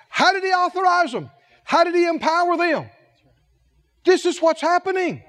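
High, lively-voiced male preacher. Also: normal speed, long pauses. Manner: animated preaching, rhetorical questions to the congregation. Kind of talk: sermon.

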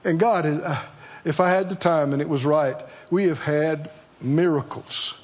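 A man's voice: fairly high pitch, normal speed, muffled recording. A man preaching a sermon, throwing rhetorical questions at the congregation and calling for responses.

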